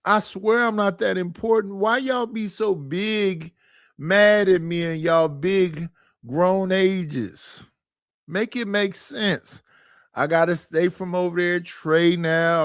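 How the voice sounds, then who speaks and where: A man's voice: sits high, clean tone, no room sound, studio quality. Exasperated man ranting on a livestream. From Oakland, California. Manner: exasperated, rhetorical, profane. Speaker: livestream host. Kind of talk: casual livestream rant. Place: his living room.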